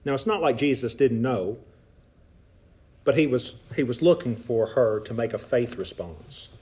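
A man with a Southern Appalachian accent, preaching a sermon in a folksy, animated way with asides to the congregation. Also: mid-range voice, a little slow. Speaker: pastor. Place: church.

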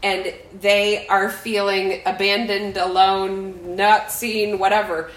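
A woman's voice: medium pitch, flat delivery, slow. Rambling woman podcaster, echoey room. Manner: rambling, self-interrupting, laughs while telling stories. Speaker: podcast co-host. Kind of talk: casual chat, storytelling.

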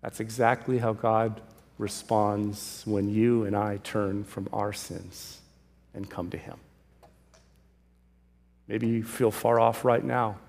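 A male pastor preaching a sermon, emphatic, swinging from loud calls to hushed pleas. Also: lowish voice, steady tone, slow pace, creaky, pauses often. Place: church sanctuary. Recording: long reverb of a large hall.

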